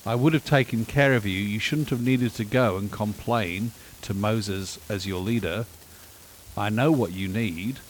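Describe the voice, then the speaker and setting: A man's voice: on the low side, unhurried, slight background noise, lightly acted, rough recording. A man preaching a sermon, voicing God as a stern but caring father who scolds his complaining people. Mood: reproachful. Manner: firm, reproachful paraphrase.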